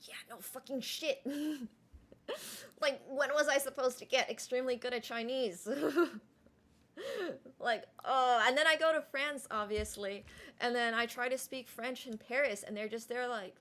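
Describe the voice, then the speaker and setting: A young woman streamer chatting casually, candid and quick to laugh, swearing freely, English not her first language. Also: fairly high pitch, fairly bright tone.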